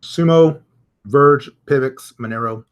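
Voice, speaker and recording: A man hosting a live crypto market stream, giving casual chart commentary, chatty and thinking out loud as he reads viewer comments. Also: mid-range voice, slow, clear, resonant tone, lo-fi sound.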